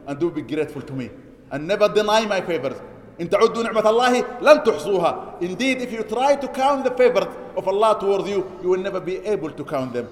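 High-pitched guy giving an eid sermon, talks fast, pushes points by repeating them, echoey mosque hall. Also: animated. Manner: exhorting, with emphatic repetition; chants Arabic scripture quotes quickly. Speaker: imam preaching. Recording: echoey hall with long reverb.

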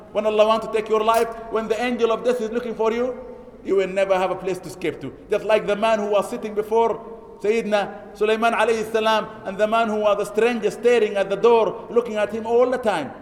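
A man's voice: high voice, steady tone, fast. A man delivering an emphatic Eid sermon in a mosque, quoting Arabic verses and then translating them. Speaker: imam preaching an Eid sermon. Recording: echoey hall.

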